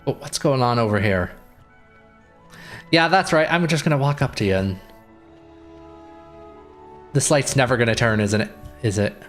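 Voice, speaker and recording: A man's voice: mid-range voice, expressive, normal speed, pauses often, a bit bright, soft background music. Brief: wry male streamer chatting offhand over gameplay. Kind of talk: casual gameplay commentary.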